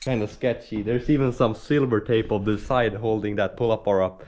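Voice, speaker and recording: A man's voice: fairly low pitch, steady tone, moderate pace, darkish tone. A young man narrating his vlog to a handheld camera, chatty and rambling with plenty of fillers. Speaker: vlogger.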